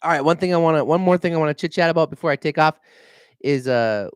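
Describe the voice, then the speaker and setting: A man's voice: fairly high pitch, fast, smooth, no echo. Rambling man, dry close sound. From Minnesota. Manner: animated storytelling, mimics voices, swears freely. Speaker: realtor vlogger. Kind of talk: rambling casual vlog.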